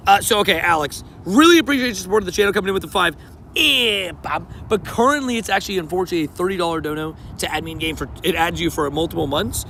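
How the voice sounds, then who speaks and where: Chill young dude live streaming outside, kinda raised bright voice with some gravel, slangy, hypes up chatters, faint traffic behind. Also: male voice, sits high, fast talker. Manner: laid-back and slangy, greeting chatters by name. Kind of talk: casual live-stream chat.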